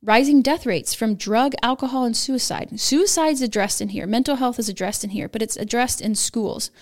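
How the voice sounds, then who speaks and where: A nurse who founded an advocacy group appears as a podcast guest, speaking about policy at normal speed in a higher voice. She is earnest and emphatic, her voice rising to stress key points.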